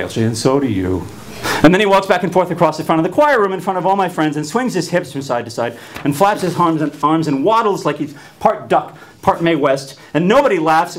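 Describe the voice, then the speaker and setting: A man in his fifties from New Jersey telling a personal story wryly, with frequent stuttered restarts. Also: on the high side. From New Jersey, USA.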